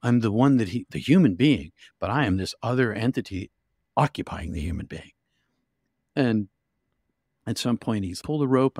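An older man, an interview guest, telling his story in a vivid, halting way with restarts. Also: lowish voice, a little mellow, dry recording, clean studio sound. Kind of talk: emotional storytelling.

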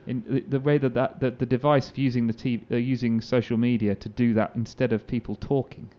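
A man's voice: mid-range voice, flat delivery, brisk, lo-fi sound. A man co-hosting a radio show, chatting casually and agreeing keenly. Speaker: radio co-host.

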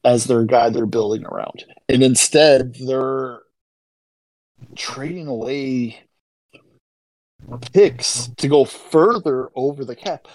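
A man's voice: medium pitch, slow, pauses often, a little mellow, no echo, low-quality recording. Podcast guy venting about hockey trades, annoyed, dry close mic. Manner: exasperated, incredulous sports commentary. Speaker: podcast co-host. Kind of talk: casual chat.

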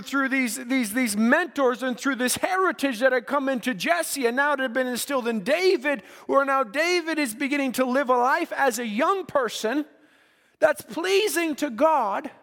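A man's voice: very high voice, sharp tone, big-room sound. A man preaching a sermon to young people, earnest, often repeating words as he builds a point. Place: church.

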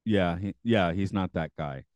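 Low, mellow male podcast host. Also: measured pace, no room sound. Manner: chatty, hedging with fillers. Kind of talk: casual chat and reading show notes.

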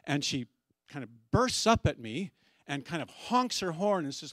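A man's voice: a little high, big pitch swings, a little slow, dry recording. Dry, conversational male pastor preaching. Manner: conversational storytelling with gentle humor. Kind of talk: sermon.

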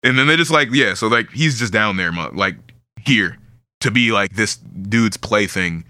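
Male podcast host: bright, dry-sounding voice, loose swearing banter with frequent laughs. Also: lowish voice, normal speed, no room sound. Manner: animated, swears constantly, laughs often. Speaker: podcast host recapping a manga. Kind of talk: casual chat.

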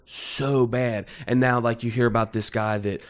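A man with a mid-pitched voice sits in as a podcast guest, chatting casually. He tells anecdotes in a relaxed, easygoing way, often laughing through them. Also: normal speed. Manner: relaxed storyteller, laughs while telling anecdotes. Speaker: podcast guest, aspiring comedian. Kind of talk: casual chat.

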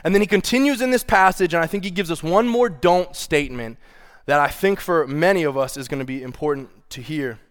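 A young adult man preaching a sermon, reading scripture with feeling and playful, animated asides. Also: on the high side, smooth. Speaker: pastor.

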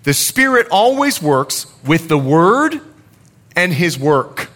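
A man preaching a sermon, animated, with jokes and asides to the congregation. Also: fairly high pitch, slow. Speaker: pastor.

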